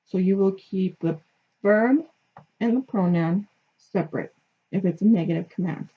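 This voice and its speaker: A woman's voice: mid-range voice, normal speed, breathy edge. A woman teaching a grammar lesson, explaining patiently step by step and checking in with her listeners. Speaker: Spanish teacher. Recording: dull lo-fi recording.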